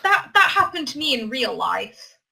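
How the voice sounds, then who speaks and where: A woman's voice: high-pitched, sing-song, moderate pace, gravelly, noisy background. A young woman chatting as a podcast co-host, giggly and rambling, swearing casually. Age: young adult. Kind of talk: casual chat.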